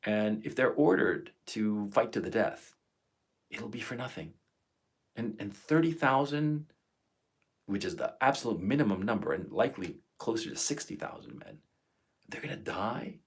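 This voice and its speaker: A man in his fifties delivers an impassioned live stream rant to his viewers. His voice is gravelly with a husky edge, and he swears often. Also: on the low side, very animated, moderate pace. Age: 50s. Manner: emotional, profane, impassioned ranting. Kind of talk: angry live stream monologue.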